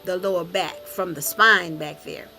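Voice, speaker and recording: A woman host with a bright, forceful voice leads a relaxed interview and keeps her guest going with steady affirmations. Faint music sits underneath. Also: fairly low pitch, moderate pace. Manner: encouraging, frequent affirming "mm-hmm". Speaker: podcast host. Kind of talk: conversational interview.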